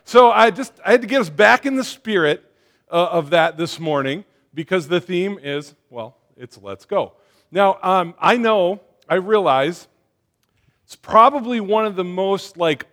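A church speaker with a high-pitched voice gives his congregation a casual sermon. He talks conversationally, uses lots of fillers, and gets the crowd to shout back.

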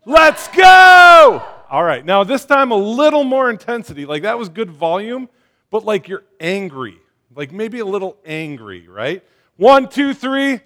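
A man giving a casual sermon to his congregation, talking conversationally with lots of fillers and getting them to shout back. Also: high-pitched, big pitch swings, measured pace. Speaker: church speaker.

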